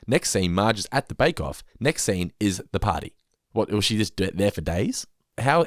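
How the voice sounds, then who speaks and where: A man's voice: lowish voice, dry recording, studio quality. A man co-hosting a podcast in casual chat, talkative and laughing often. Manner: chatty, laughs often, puts on silly voices. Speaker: podcast co-host.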